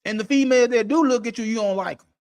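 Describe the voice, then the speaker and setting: A man's voice: very high voice, racing, a little mellow. A man hosting an unscripted monologue, blunt and profane, laughing often as he talks. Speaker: podcast host.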